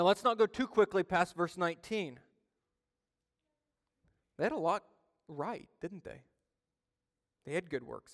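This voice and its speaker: A man preaching a sermon as pastor, telling stories with lively swings between loud emphasis and quiet asides. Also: sits high. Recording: long reverb of a church hall.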